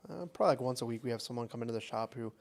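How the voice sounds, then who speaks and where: A man's voice: medium pitch, creaky. A young man co-hosting a podcast, venting bluntly and swearing freely in casual chat. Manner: blunt and profane, quick to vent. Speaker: podcast co-host.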